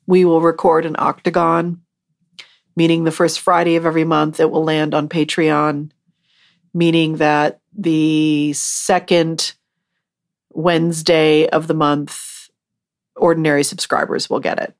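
A woman with a deep, creaky voice speaks at a measured pace in a level tone. She hosts her podcast solo, rambling casually in a chatty, self-mocking monologue.

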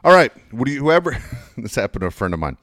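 A man's voice: medium pitch, big pitch swings, quick pace, a bit bright, no echo, studio quality. A middle-aged man co-hosting a casual talk show, swearing freely and laughing as he tells stories. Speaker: co-host. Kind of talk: casual chat.

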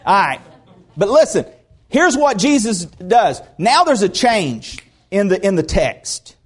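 A pastor delivers a sermon in a high voice that swoops up and down. He talks to his congregation like he is chatting with them, and he hammers points home by repeating short phrases. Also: slow pace, slightly rough. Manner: animated, conversational, repeats phrases for emphasis. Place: church service.

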